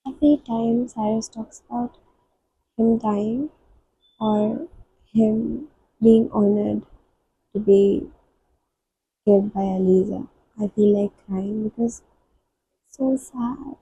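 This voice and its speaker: A woman's voice: fairly high pitch, fairly even intonation, takes it slowly, long pauses, warm tone, lo-fi sound, a little hiss or hum. A young woman vlogging as she reads, gushing emotionally as she reacts and reads passages aloud. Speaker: book vlogger. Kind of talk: casual reading-vlog commentary.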